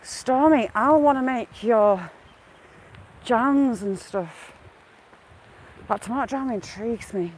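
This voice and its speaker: A woman's voice: on the high side, slow, pauses often, a little mellow, slight background noise, poor audio. A woman out of breath on an outdoor walk, chatting casually on a live stream and greeting viewers by name. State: a bit out of breath. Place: outdoors on a woodland walk by water.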